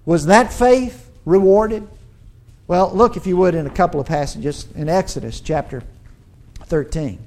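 Emphatic preacher man with a higher voice. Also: darkish tone. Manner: preaching with rising urgency and emphatic pauses; restarts and repeats words while building a point. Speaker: pastor. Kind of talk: sermon.

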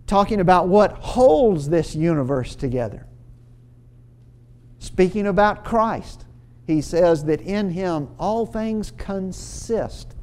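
A man's voice: sits high, a little mellow. A man preaching a sermon, explaining scripture earnestly with emphatic repeated phrases and occasional stumbles and restarts.

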